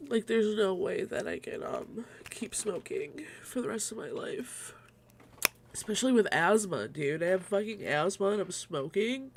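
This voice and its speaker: A woman's voice: mid-range voice, expressive, a little slow, vocal fry, a little hiss or hum. A young adult woman hosting a casual solo livestream at home, rambling and swearing, laughing often, a little short of breath. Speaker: livestream host.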